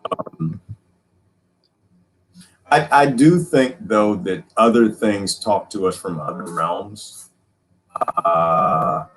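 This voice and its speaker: A man hosting a casual chat, rambling and animated, laughing often. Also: fairly low pitch, slight background noise, low-quality recording. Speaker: host.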